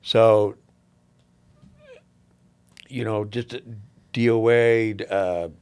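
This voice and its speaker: An older man, a podcast guest, telling long rambling stories with swearing and frequent throat-clearing. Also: on the low side, fairly even intonation, extremely slow, darkish tone. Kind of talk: casual storytelling interview.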